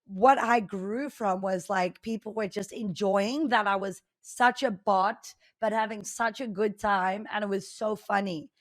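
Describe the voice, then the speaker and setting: A young adult woman with a South African accent blended with Australian, a chatty, high-energy podcast guest talking about streaming. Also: unhurried, few pauses, no echo. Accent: South African mixed with Australian. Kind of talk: casual interview talk.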